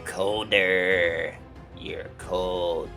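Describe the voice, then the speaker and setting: A masked male killer taunts down the phone line, voiced by a man, in a dark, deliberate drawl. The voice sits low and takes its time over every word, cold and teasing. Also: steady tone, over music, heavily acted. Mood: taunting.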